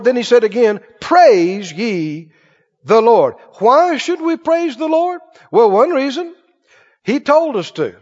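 A man's voice: extremely high pitch, expressive, slow pace, a little mellow. A man preaching a sermon to a congregation, telling folksy stories and often asking them "Right?". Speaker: pastor. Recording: dull lo-fi church recording with long reverb.

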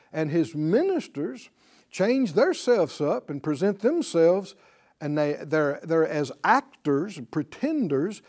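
Male bible teacher, emphatic, unhurried, high voice, lively rise and fall, repeats key words.

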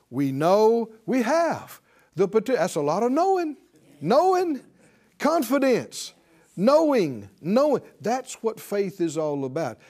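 Middle-aged male preacher, unhurried, mellow tone, emphatic and repetitive delivery. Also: high-pitched. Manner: emphatic, repeats key words, acts out pleading prayers. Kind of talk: sermon.

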